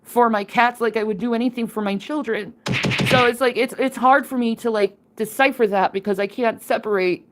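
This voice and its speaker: A woman's voice: fairly high pitch, steady tone, fairly quick, very noisy. A woman chatting on a livestream in an earnest, emotional, rambling way. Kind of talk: casual livestream chat.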